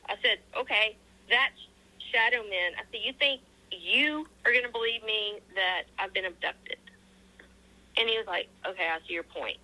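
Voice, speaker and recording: A woman's voice: on the high side, moderate pace, bright, forceful tone, poor audio. A woman answering interview questions, telling a personal story in a casual, earnest way with many ums and acted-out quoted dialogue. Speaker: interview guest.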